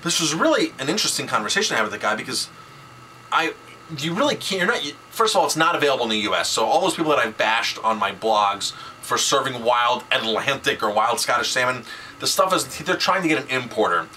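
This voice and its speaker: A man's voice: medium pitch, very animated, fast, sharp tone, slight background noise, rough recording. A man, a chef, talking casually on his video blog, emphatic and repeating words for stress. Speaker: chef and food advocate.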